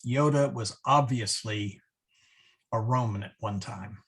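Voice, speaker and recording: A man teaching a Latin lesson at an unhurried, deliberate pace. His voice is slightly husky, and his explanations come out haltingly, full of ums and restarts, with a chuckle at his own slips. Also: medium pitch. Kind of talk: online class instruction.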